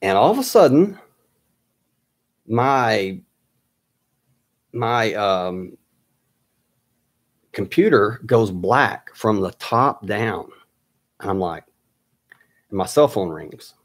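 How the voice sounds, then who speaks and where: A man telling a personal story in a halting way, pausing often with fillers and restarts. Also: lowish voice, sing-song.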